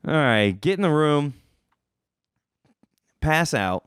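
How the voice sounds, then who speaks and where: A man's voice: a little high, expressive, slow pace, fairly bright tone, smooth, no echo, studio quality. A young man hosting a podcast, telling a story in a casual, rambling way, swearing freely and restarting his sentences. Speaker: podcast host.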